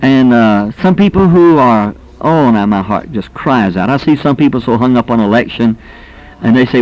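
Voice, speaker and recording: A man's voice: medium pitch, animated, normal speed, a little mellow, lo-fi sound. A man preaching an earnest, folksy sermon, emphatic and full of anecdotes. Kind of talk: sermon on soul winning.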